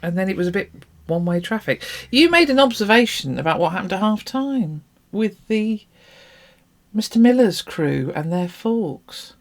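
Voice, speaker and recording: A woman, co-hosting a podcast and chatting in an animated, self-mocking way. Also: medium pitch, moderate pace. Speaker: podcast co-host. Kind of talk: casual chat.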